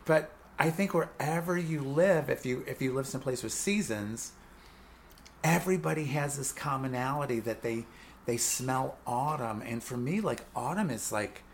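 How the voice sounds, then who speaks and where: A woman's voice: a bass voice, moderate pace. Woman radio co-host, rambling, filler-heavy, background hiss. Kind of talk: casual radio chat. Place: radio studio. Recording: noisy studio recording.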